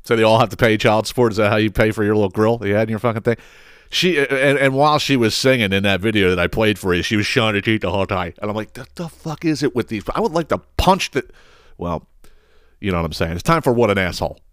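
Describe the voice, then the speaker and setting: A man's voice: fairly low pitch, fast talker, a bit bright, smooth, no echo, clean studio sound. A young man hosting a podcast, ranting bluntly and with lots of cursing, exasperated. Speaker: podcast host.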